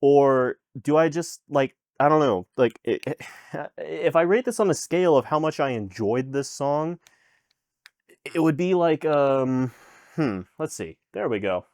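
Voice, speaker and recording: A man talks through a music review with exasperated sarcasm, swearing freely. His voice jumps up and down in pitch as he complains. The sound is dry and close, with no room around it. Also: animated, unhurried, darkish tone, no room sound. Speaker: music reaction host. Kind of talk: casual album reaction commentary.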